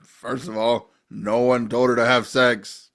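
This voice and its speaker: A man's voice: medium pitch, level tone, measured pace, fairly bright tone. A man casually discussing a movie on a podcast, explaining his points in a matter-of-fact way. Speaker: podcast co-host.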